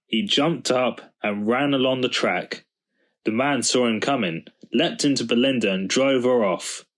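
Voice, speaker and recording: A man reading a children's storybook aloud, in slow, measured storytelling. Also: mid-range voice, a bit bright. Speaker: storybook reader.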